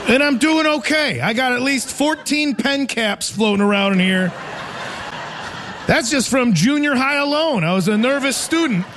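High-pitched rambling stand-up man. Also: normal speed, a bit bright, slight background noise. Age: 40s. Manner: rambling, self-mocking, laughs through lines. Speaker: stand-up comedian. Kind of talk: live stand-up set. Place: theater stage before a live audience.

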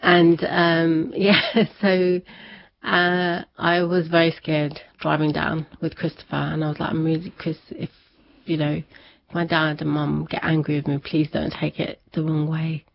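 This woman's gravelly, low-pitched voice stays monotone and unhurried as she recounts a personal story for an interview. She's chatty, laughs often, and acts out what people said, all captured in dull lo-fi sound.

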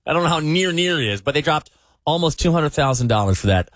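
A male radio host in casual on-air banter, with a lively voice that swings up and down as he jokes and teases. His voice sits a little high for a man and sounds close and dry. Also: brisk, no echo. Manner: joking, teasing, chuckles often.

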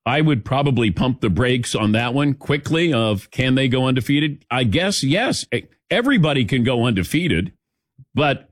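A man's voice: medium pitch, animated, moderate pace, dry recording, studio quality. A middle-aged man hosting sports radio, chatting casually and telling stories with frequent laughs. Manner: chatty, storytelling, laughs often. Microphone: studio mic.

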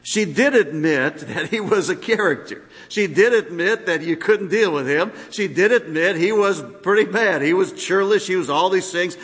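A man preaching a sermon as pastor, animated, with sudden drops into quiet, personal asides. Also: sits high, moderate pace, hardly any pauses. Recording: long hall reverb.

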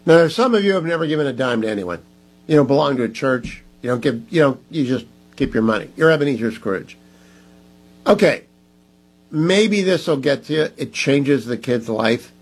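A man's voice: medium pitch, expressive, brisk, slightly rough, poor audio. A man hosting a talk radio show, speaking emphatically and urging listeners to donate. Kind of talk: conservative talk radio monologue.

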